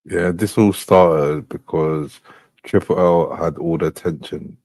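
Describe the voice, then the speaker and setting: Young guy hosting, deep gravelly voice, keeps laughing and mocking, close dry mic. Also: steady tone, a little slow, darkish tone, no echo. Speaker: host. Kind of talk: commentary on played clips.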